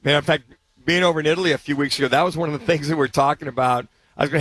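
A man's voice: fairly high pitch, fairly even intonation, very fast, fairly bright tone, dry recording. A man co-hosting a sports radio show, talking in a rambling, anecdotal way with frequent restarts. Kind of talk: casual sports talk.

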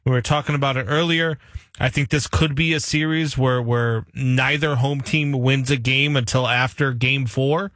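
A show producer chatting easily with the host about a playoff game, in an easygoing, conversational way. His voice is bright and clear, recorded dry and close with no room sound. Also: medium pitch, steady tone, moderate pace, no echo. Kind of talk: casual sports chat.

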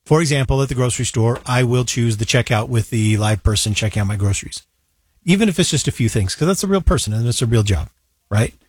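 A man's voice: medium pitch, fast, darkish tone, husky, no room sound, studio quality. A man from the United States co-hosting a casual chat show, playfully dramatic in his storytelling. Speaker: co-host.

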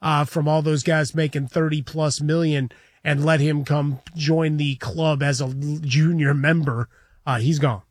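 A man's voice: on the high side, steady tone, measured pace, no echo. A man co-hosting a sports radio show in a studio, talking through a point in a wry, analytical way.

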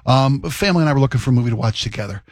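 A man co-hosting a talk radio show in casual chat, an animated, emotional storyteller who likes to joke. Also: medium pitch, very fast, dry recording, studio quality. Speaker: radio co-host.

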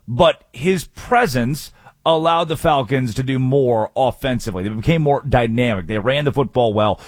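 Husky sports radio host. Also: male voice, medium pitch, no echo. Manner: energetic, rattles off stats.

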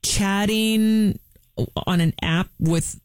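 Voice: mid-range voice, steady tone, drawn-out words, clear, resonant tone, no echo, clean studio sound. Soothing radio call-in host. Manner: soothing, reassuring.

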